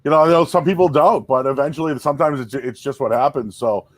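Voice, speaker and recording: A man's voice: mid-range voice, fast, no echo. A man hosting a casual podcast chat, rambling with lots of restarts and "dude" and "man". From Boston area. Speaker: podcast host.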